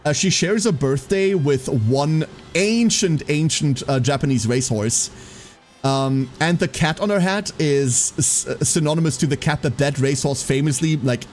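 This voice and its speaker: A man with a German accent, German native speaker, chatting casually on a gaming stream and cheering on races like an excited commentator. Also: a little high, normal speed, faint music behind. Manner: chatty, excitable, jokey, slips into hyped race commentary.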